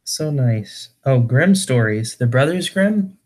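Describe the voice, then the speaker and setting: A man's voice: mid-range voice, animated, slow pace, darkish tone. Man reading aloud on a livestream. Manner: stumbling, self-correcting reading. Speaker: livestream host. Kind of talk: casual livestream chat and poem reading.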